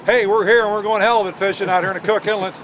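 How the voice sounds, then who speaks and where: A man's voice: high voice, steady tone, racing, poor audio. A man hosting a fishing trip on camera from a boat, enthusiastic and joking in casual chat. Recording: loud boat engine and water noise.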